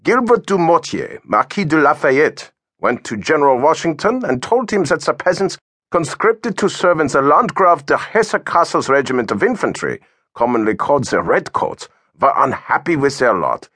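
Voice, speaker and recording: A man's voice: fairly high pitch, a bit bright, breathy edge, no echo, pitched above the performer's own voice, heavily acted. A man doing a dry German-accented officer. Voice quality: precise, lecturing.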